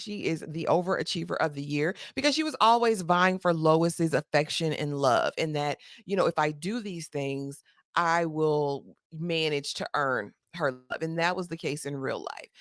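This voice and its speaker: A woman's voice: low voice, moderate pace, no room sound, clean studio sound. A woman recapping a TV episode in a sassy, chatty way with slangy asides. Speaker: TV recap host.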